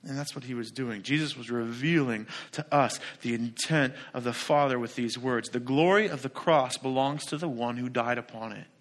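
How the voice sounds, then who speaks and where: A man preaching a sermon as pastor, emphatic and full of rhetorical questions, swinging between loud declaration and soft asides. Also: mid-range voice, moderate pace, few pauses.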